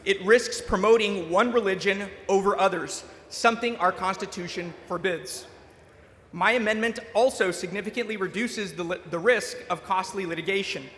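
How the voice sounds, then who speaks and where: A male legislator makes his case on the floor in a high, bright voice, earnest and measured, now and then restarting a word. His speech rings out with the long reverb of a large chamber. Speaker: state legislator.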